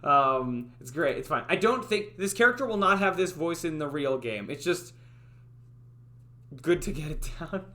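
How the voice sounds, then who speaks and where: A woman's voice: low-pitched, animated, normal speed, pushed and bright. A woman game developer chatting casually on a livestream, giggling and rambling through restarts. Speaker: streamer and indie game developer.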